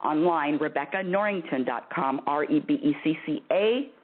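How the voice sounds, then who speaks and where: A woman's voice: low-pitched, moderate pace. A woman hosting a spiritual advice call-in show, talking in an emphatic, bossy and emotional way, often laughing. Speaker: call-in radio host. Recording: phone-like narrow band.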